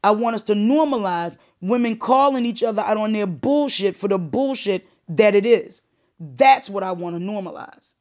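A woman's voice: mid-range voice, animated, normal speed, darkish tone. A middle-aged woman giving a heartfelt monologue, with emphatic, repeated phrases and moments of choking up. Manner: emotional, choking up.

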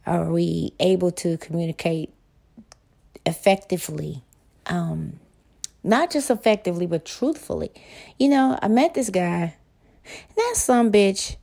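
A woman's voice: fairly high pitch, animated, measured pace, vocal fry, dark tone. A woman in a casual monologue, talking bluntly and swearing freely, acting out both sides when she retells arguments.

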